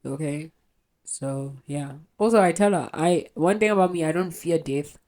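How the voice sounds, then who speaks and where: A woman's voice: sits low, normal speed, warm tone. A young woman hosting a podcast, talking bluntly and rawly and swearing freely as she trails off. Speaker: podcast host. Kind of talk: confessional podcast monologue.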